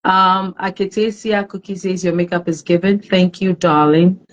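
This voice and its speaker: A woman hosting a live-streamed talk show, greeting viewers by name and chatting in a warm, emotional way. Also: fairly low pitch, level tone, normal speed, lo-fi sound. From Ghana. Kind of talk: casual live-stream chat.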